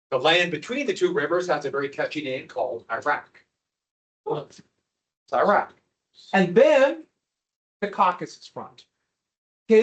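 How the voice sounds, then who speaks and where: A man's voice: sits high, fairly bright tone, low-quality recording. A man teaching a history class over maps and slides, chatty, with asides and rhetorical questions to his students.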